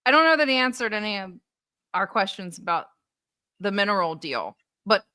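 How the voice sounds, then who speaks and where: A woman's voice: mid-range voice, big pitch swings, normal speed, sharp tone, dry recording, clean studio sound. A woman hosting a political livestream, explaining a deal in a wry, casual way and laughing at her own remarks. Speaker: livestream news host.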